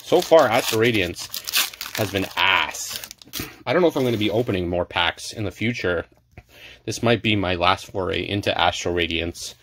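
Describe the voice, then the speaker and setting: A man with a low-pitched voice speaks at a normal speed against slight background noise as he opens card packs in his home apartment for his channel. His casual banter comes out in loud, theatrical, emphatic bursts.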